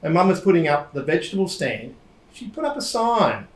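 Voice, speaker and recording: A man's voice: a little high, sing-song, brisk. An actor playing a blunt, teasing older man with an Australian accent on stage. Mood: nostalgic. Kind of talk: stage play acting. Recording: echoey theatre stage.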